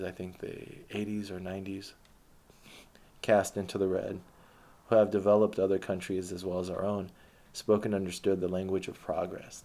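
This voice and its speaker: A man's voice: low-pitched, gravelly, a little mellow, slight background noise. A man delivering an impassioned political monologue, ranting with frequent restarts and hesitations. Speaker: political commentator.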